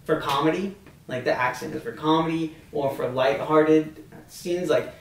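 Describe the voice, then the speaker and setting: A man's voice: fairly high pitch, normal speed. A young man co-hosting a casual on-camera discussion, talking loosely with many "like"s. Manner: casual, lots of "like" and restarts. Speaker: discussion co-host. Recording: roomy sound from a distant mic.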